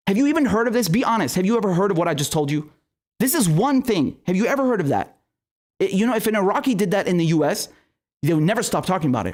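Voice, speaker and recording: Hosting a political commentary show, a man rants on a livestream in a high-pitched, very animated voice at a quick pace. He is furious and profane, keeps stammering into restarts, and reads out super chats from viewers.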